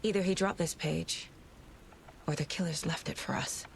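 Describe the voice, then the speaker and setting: An actress playing a calm, focused woman FBI profiler, speaking in a measured, low-key way in a video game. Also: gravelly, slight background noise. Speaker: FBI agent investigator. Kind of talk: game voice acting.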